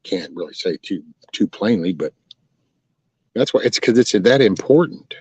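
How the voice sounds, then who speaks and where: A man's voice: on the low side, expressive, unhurried, darkish tone, husky, no room sound. A man, hosting a casual live stream and answering chat in a folksy, rambling way. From Texas. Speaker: live stream host chatting with viewers. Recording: dull lo-fi stream audio.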